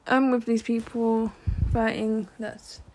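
Slow, earnest young woman podcasting. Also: a little high, little pitch movement, a little mellow. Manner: earnest, many ums and restarts. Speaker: podcast host. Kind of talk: solo podcast monologue.

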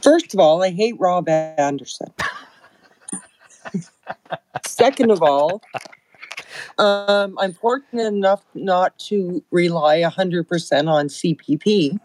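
An older woman from Alberta calling in to a talk show, speaking slowly and emphatically, audibly upset. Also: on the low side, darkish tone, no room sound, rough recording. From Alberta, Canada. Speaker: caller. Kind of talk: emotional call-in comment.

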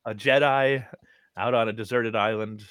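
A man co-hosting a podcast in relaxed casual chat, speaking loosely with lots of fillers. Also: fairly low pitch, normal speed. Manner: relaxed, full of "like" and "you know" fillers. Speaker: podcast co-host.

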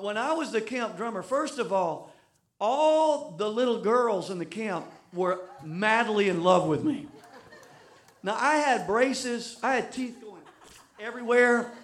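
A man preaching. His voice sits high for a man, and he mixes self-deprecating anecdotes with emphatic, repeated lines of sermon. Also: a bit bright. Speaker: pastor.

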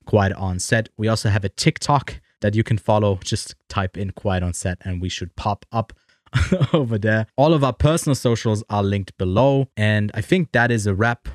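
A man's voice: lowish voice, moderate pace, no echo, studio quality. A man co-hosting a podcast in casual chat, loose and joking, laughing often. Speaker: podcast co-host.

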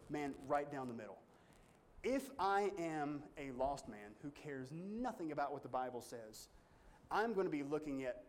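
A man preaching a sermon in a folksy, emphatic way, climbing high when stirred. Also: a little mellow, slight background noise. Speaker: pastor.

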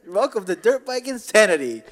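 A hyped-up male announcer rattles off a sales pitch for dirt bikes, his pitch leaping around as he goes. A man puts him on as a joke. His delivery is cheesy and excited, the way a radio spot sounds. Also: heavily acted.

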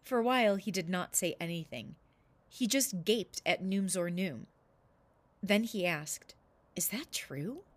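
A woman reading a children's story aloud with expressive narration. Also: fairly low pitch, measured pace, no room sound.

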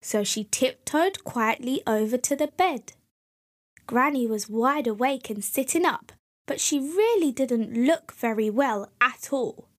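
A woman reading a children's fairy tale aloud as storyteller, gentle and clear. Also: high voice, animated, a little slow.

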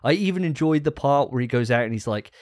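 A man's voice: medium pitch, lively intonation, fast talker, a little mellow, no room sound. A man hosts a gaming podcast in loose, casual chat. He swears freely and gets carried away with enthusiasm. The sound is close and dry with no room around it. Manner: enthusiastic, profane, laughing often. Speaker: podcast host.

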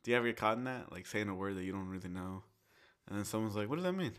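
A man's voice: fairly low pitch, fairly even intonation, quick pace, a bit bright, smooth. A young man in casual podcast chat, rambling through stories with lots of 'like' and laughter.

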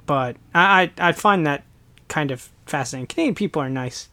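A young American man chatting casually on a podcast, animated and quick to slip into playful voices. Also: on the high side, no echo. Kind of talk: casual chat.

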